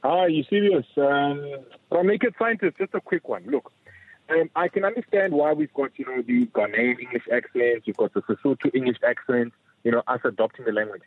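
A man's voice: mid-range voice, lively intonation, fairly quick, dry recording. A male caller on a radio phone-in, asking a question curiously with many fillers. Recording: tinny phone line.

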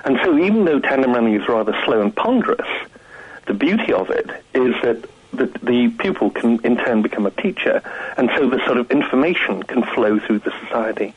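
A man who is a guest scientist, explaining things calmly and with enthusiasm in a radio interview. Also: medium pitch, fairly quick, husky, highs cut off.

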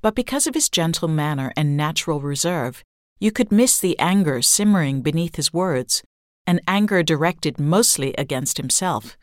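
A woman reading a long-form essay aloud as scripted narration, in a measured, even-toned way. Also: sits low, no echo, clean studio sound.

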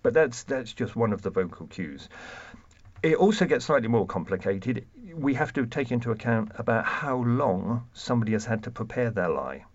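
A man explaining lie detection research in a measured, explanatory way, with some fillers and restarts. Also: medium pitch, lively intonation, dull audio. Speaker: deception researcher guest. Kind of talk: expert explanation.

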